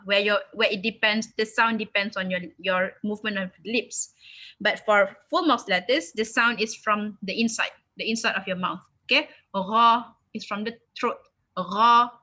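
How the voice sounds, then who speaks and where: A woman's voice: mid-range voice, sharp tone. A woman teaching a beginners' recitation lesson online, patiently sounding out syllables and words over and over for learners to copy. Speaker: tajweed teacher.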